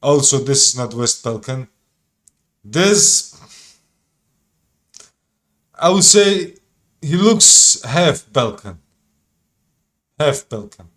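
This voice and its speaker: A man's voice: medium pitch, expressive, drawn-out words, pauses often, a bit bright. A man giving casual reaction commentary in an insistent, repetitive way, sometimes swearing. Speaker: reaction streamer.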